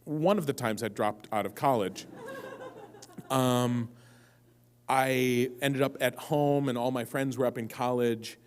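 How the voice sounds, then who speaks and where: A man's voice: mid-range voice, slow pace, clean tone. Rambling man telling stories to a crowd. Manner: rambling, digressive, self-mocking. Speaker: guest author answering audience questions. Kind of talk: live convention Q&A storytelling. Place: convention stage before a live audience.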